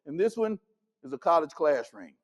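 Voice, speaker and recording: With a rather high, very animated voice at normal speed, a Texan keynote speaker motivates his audience through dramatic, emphatic stories in which he acts out the dialogue. The sound quality is lo-fi.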